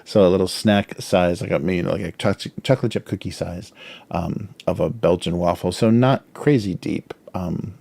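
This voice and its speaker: A cartoonist with a low, dark voice and vocal fry speaks at a moderate pace while hosting a relaxed drawing stream. He keeps snacking and talking through mouthfuls, his rambling packed with fillers and frequent chuckles.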